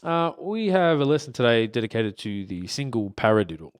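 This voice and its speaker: A man's voice: mid-range voice, brisk, smooth, no room sound. Laid-back male drum instructor, casual and chatty, dry close mic. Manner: relaxed, many fillers and restarts, checks in with "okay?". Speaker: drum teacher. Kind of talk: casual spoken lesson. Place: drum studio beside a drum kit.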